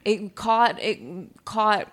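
A woman's voice: medium pitch, fairly even intonation, extremely slow, fairly bright tone, a little hiss or hum. A young woman co-hosting a podcast, chatting casually and often affirming the others. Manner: chatty, frequent affirming mm-hmms. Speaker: podcast co-host. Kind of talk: casual chat.

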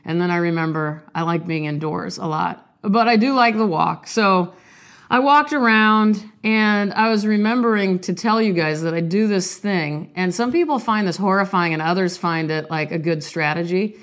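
A woman's voice: lowish voice, normal speed. A young woman with a cold, chatting in a rambling, candid, self-deprecating way before reading a poem aloud. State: sick, coughing. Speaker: artist vlogger. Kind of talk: casual confessional chat and poetry reading.

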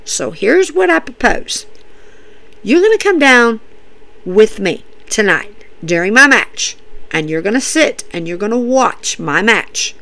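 A woman doing a low, stern veteran man. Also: very animated, measured pace, exaggerated voice. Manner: low, quiet, commanding.

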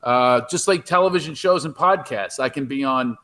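A middle-aged comedian talking on a podcast interview by remote call, rambling and animated, with many restarts. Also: male voice, medium pitch, normal speed. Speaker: comedian guest.

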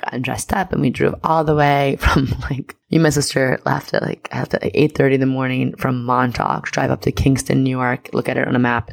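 A woman's voice: a bass voice, gravelly. A young adult woman telling a personal story in a casual monologue, full of "like" fillers and candid swearing.

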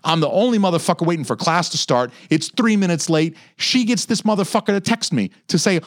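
Speaking fairly quickly with few pauses, this thirtysomething podcast host launches into animated, swear-heavy rants. He mimics others' lines in a raised voice, and the studio recording has no room sound.

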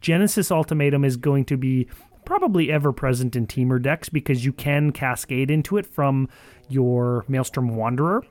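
Recorded dry, a man with a medium-pitched, darkish voice speaks at a moderate pace. Co-hosting a casual podcast about card games, he rambles in a sardonic, profane way, leaning heavily on "like" as filler.

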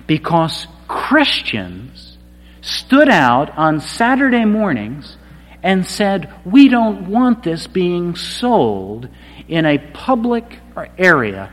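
A man preaching with a fairly high voice and an unhurried, deliberate pace. His sermon swings between hushed, intimate passages and loud, emphatic cries. The sound rings with long reverb, as in a church sanctuary. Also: wildly swooping pitch, faint music behind. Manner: slow, dramatic delivery swinging from quiet to shouted.

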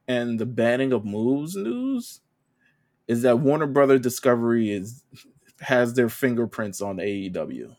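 A man co-hosting a podcast, chatting casually in a relaxed, slangy way. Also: medium pitch, a little slow. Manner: relaxed, loose with fillers and slang. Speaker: podcast co-host. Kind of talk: casual chat.

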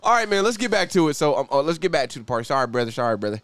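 Podcast host dude, kinda high voice that bounces all over, swears a lot, dry close mic. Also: male voice, rapid-fire, no echo. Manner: animated, profane, laughs often. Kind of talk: casual podcast chat reacting to a story.

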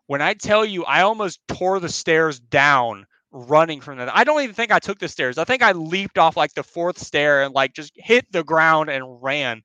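Bright-voiced young man telling a story. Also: medium pitch, clean tone, dry recording, poor audio. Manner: rambling, slangy, profane, acts out voices. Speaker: podcast host. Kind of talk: casual storytelling.

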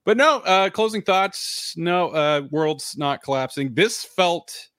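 A man co-hosting a sports podcast, talking in a loose, animated, rambling way. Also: sits high, takes it slowly, smooth, no room sound, clean studio sound. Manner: animated and rambling, many fillers. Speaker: podcast co-host. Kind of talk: casual sports chat.

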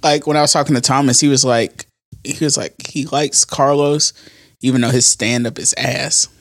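A man's voice: medium pitch, fairly even intonation, normal speed, no echo, clean studio sound. A man co-hosting a casual podcast, making wry, blunt quips and laughing often. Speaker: podcast co-host.

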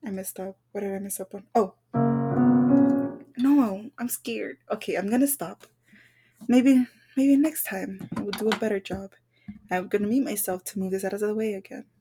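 A woman's voice: mid-range voice, moderate pace, pauses often, dark tone, faint music behind. A young woman hosting a casual solo podcast, nervous, self-conscious and apologetic, recording at home. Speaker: podcast host. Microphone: home microphone.

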